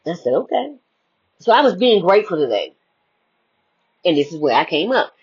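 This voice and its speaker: A woman's voice: lowish voice, big pitch swings, fairly quick, breathy edge, lo-fi sound. A woman speaking as a spiritual life coach in an emphatic, preachy monologue that repeats its key phrases.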